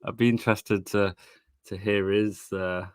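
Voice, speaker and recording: A man in a casual online group chat, talking softly and hesitantly with many fillers. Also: lowish voice, fairly even intonation, unhurried, no room sound, studio quality.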